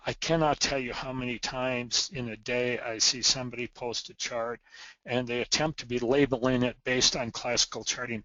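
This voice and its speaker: A man's voice: mid-range voice, a bit bright, no room sound, highs cut off. Earnest man teaching chart trading. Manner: earnest, emphatic, repeats key words. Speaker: trading educator. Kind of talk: recorded market lesson.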